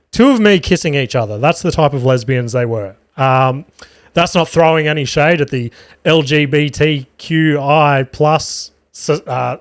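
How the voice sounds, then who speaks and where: A young Australian man hosting a podcast, telling an animated, profane, self-mocking story from home. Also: a little high, no room sound, studio quality. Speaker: podcast host. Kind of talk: casual storytelling chat. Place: home room with a cat.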